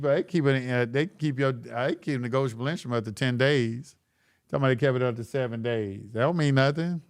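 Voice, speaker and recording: A man hosting a live stream, reading chat questions and answering them in a blunt, lecturing way with casual slang, often repeating himself. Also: mid-range voice.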